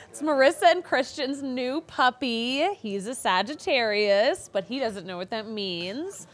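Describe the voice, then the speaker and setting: A high, lively female voice that swoops up and down as she chats. She hosts a loose, casual show and keeps things bubbly, giggling often between segments. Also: unhurried, hardly any pauses. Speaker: host. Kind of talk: casual chat.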